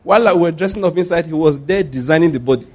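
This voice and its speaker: A man in his forties preaches with animated stories. He breaks into laughter often and throws questions back at the congregation. His voice sits a little higher than most men's. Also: quick pace. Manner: animated storytelling with call-and-response questions. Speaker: pastor. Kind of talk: sermon.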